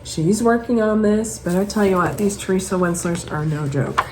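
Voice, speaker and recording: A woman chatting casually at home as host, showing off her purchases in a rambling, animated way. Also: mid-range voice, normal speed, a little hiss or hum, poor audio.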